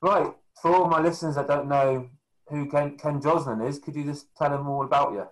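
A man's voice: on the high side, brisk, poor audio. A man hosting a podcast interview, reading out his guest's introduction in a friendly way. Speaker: podcast host.

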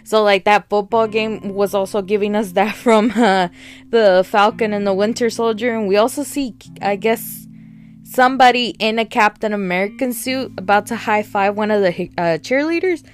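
A woman reviewing new shows in a casual, chatty way, excitable and full of fillers. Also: mid-range voice, moderate pace. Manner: chatty and excitable, many fillers, laughs while talking. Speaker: podcast host reviewing shows.

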